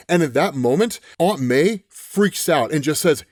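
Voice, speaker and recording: A man casually recapping a comic story, animated, quoting the characters as he goes and tagging lines with a quick "right?". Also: fairly high pitch. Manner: animated retelling, acts out lines in quick quotes, frequent "right?". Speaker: comic book explainer.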